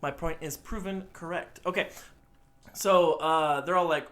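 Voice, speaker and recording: A man with a higher-than-average voice talks a little slowly as he co-hosts a laid-back movie review podcast. He jokes around with lots of energy, performing the characters' parts.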